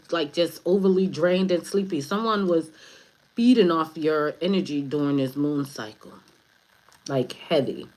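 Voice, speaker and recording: A woman with a low-pitched voice gives a casual spiritual reading to her audience. She rambles from thought to thought, swearing offhandedly and laughing at her own humor. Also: a little mellow, poor audio. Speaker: spiritual advisor, tarot reader.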